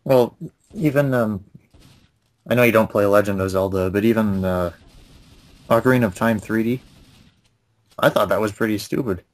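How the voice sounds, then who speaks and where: A man's voice: fairly low pitch, moderate pace, long pauses. A man chatting casually about games with a friend, laid-back with short dry replies and chuckles. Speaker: co-host of a gaming channel. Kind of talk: casual ranting chat with a friend.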